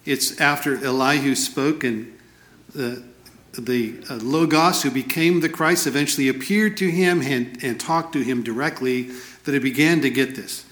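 A man preaches in an earnest, explaining way and reads scripture aloud. His voice sits at an ordinary middle pitch. The room around him rings with a noticeable echo. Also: moderate pace, a bit bright. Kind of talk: sermon.

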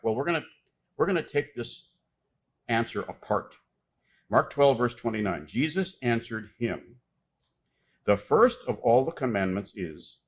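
A man preaching a sermon, reading scripture aloud and pressing key words with loud, emphatic stress. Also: fairly low pitch, animated. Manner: reads scripture aloud with pauses.

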